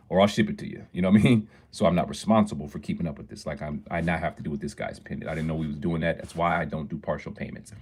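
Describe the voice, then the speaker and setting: Husky low-voiced man on a live stream. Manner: talkative and upbeat, greets viewers often. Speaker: jeweler hosting a live stream. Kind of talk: casual live-stream chat.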